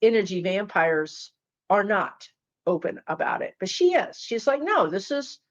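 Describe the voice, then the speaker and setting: A woman's voice: mid-range voice, lively intonation, a little slow. Chatty woman spiritual teacher, lo-fi. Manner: chatty, talks to viewers directly. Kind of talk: casual storytelling to camera.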